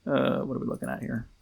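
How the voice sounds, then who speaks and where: A man's voice: mid-range voice, vocal fry, a little mellow, breathy edge. A man hosting a game livestream, chatting casually and rambling with frequent laughs and trailing asides. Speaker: livestream host playing a game. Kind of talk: casual chat while gaming.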